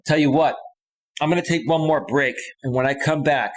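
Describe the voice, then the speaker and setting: A man's voice: on the high side, moderate pace. A man in his thirties hosting a live stream as a coach, ranting in a heated, combative way and repeating his phrases, close to a studio microphone. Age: 30s. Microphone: close studio microphone with a limiter.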